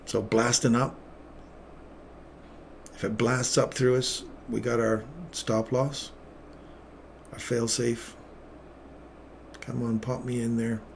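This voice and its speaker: A middle-aged man giving excitable, self-mocking live commentary on his own trades as he makes them. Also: mid-range voice, slow pace, vocal fry, long pauses, a little hiss or hum.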